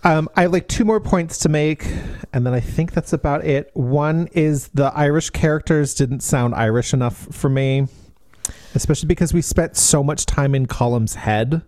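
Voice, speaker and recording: A man's voice: fairly high pitch, normal speed, no echo, studio quality. A man co-hosting a book podcast, chatting casually and with lots of energy, full of fillers and restarts. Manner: animated, many fillers and restarts. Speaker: podcast co-host.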